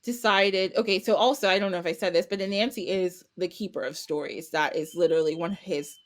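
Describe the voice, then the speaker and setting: Her voice is lowish and a little fast as she tells a folktale, a guest on a podcast chatting casually. She animatedly performs each character's lines, laughing and doing little voices.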